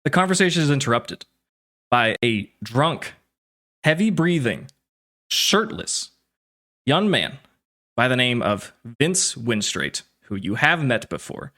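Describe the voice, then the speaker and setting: A man narrating a tabletop role-playing game as game master in a relaxed, descriptive way. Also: medium pitch, takes it slowly, pauses often.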